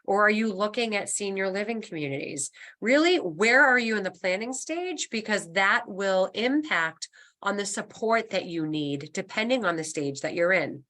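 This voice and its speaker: Bright-voiced woman presenting a webinar. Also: mid-range voice, expressive, normal speed. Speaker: senior move manager.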